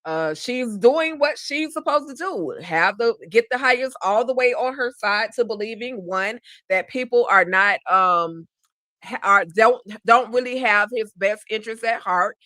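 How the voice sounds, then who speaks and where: A woman's voice: fairly high pitch, animated, a little slow, bright, forceful tone, no echo. A woman co-hosting a casual TV recap chat, giving frank, sassy commentary. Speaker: co-host.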